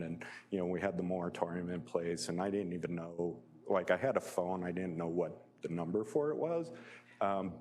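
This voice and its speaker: Low-voiced man giving a chatty lecture. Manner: conversational, many fillers, frequent chuckles. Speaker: guest lecturer. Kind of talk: public lecture with personal stories.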